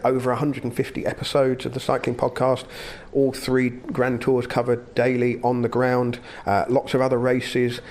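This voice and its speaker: A man hosting a podcast, thanking a sponsor and analysing a race in a measured way with restarts. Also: mid-range voice, a little mellow. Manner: measured, thinks aloud with restarts. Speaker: podcast host. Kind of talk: casual chat, race analysis.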